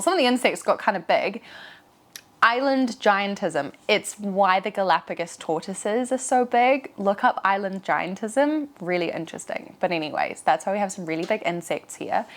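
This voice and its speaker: A woman's voice: mid-range voice, lively intonation, measured pace. A woman with a New Zealand accent answering questions in a casual vlog. She is chatty and digressive, often breaking off mid-thought. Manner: chatty, digressive, self-interrupting. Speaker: vlogger. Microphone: clip-on wireless mic.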